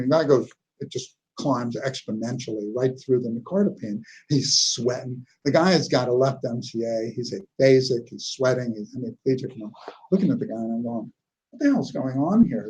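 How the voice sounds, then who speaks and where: A man's voice: medium pitch, brisk, darkish tone, low-quality recording. A man giving a neurology lecture, telling clinical stories in a conversational way and often checking in with "okay?". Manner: conversational, anecdotal, frequent "okay?" check-ins. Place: lecture hall.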